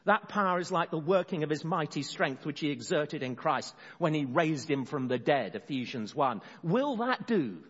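A man preaching an expository sermon, earnest, slowing down to stress key words and often restarting phrases. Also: a little high, sing-song, a bit bright, husky. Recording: dull sound in a long-reverb hall.

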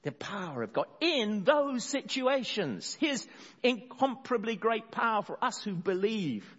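A man preaching an expository sermon, earnest, slowing down to stress key words and often restarting phrases. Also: high voice, sing-song, a bit bright, husky. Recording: dull sound in a long-reverb hall.

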